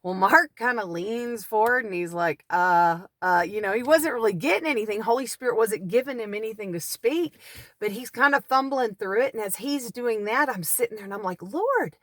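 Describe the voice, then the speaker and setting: Woman minister, earnest animated testimony, higher voice, dry recording. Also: fairly quick, no echo. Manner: earnest, animated storyteller who acts out cries. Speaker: deliverance minister. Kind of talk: personal testimony storytelling. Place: parked car.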